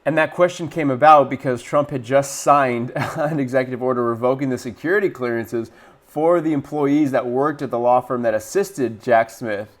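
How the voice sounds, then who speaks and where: A man's voice: medium pitch, normal speed. A man hosting casual online political commentary, enthusiastic and chuckling as he introduces clips.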